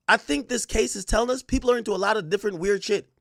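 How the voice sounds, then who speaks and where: A man's voice: sits high, rapid-fire, gravelly, hardly any pauses, no room sound, studio quality. A young adult man hosting a casual livestream, reading chat aloud and ranting in slangy talk. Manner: animated, slangy, reads chat aloud and rants.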